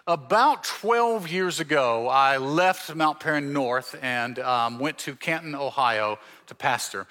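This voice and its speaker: A pastor from the Mississippi Gulf Coast preaching a sermon, telling stories and acting out the dialogue in them. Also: male voice, mid-range voice, expressive, slow pace, hardly any pauses, bright, forceful tone. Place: church sanctuary.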